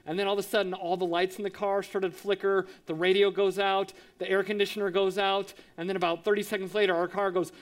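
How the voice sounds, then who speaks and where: A man in his thirties, a pastor, telling a lively personal story in a sermon, acting out voices and sound effects. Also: high-pitched, a little fast. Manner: animated, acts out quotes with sound effects.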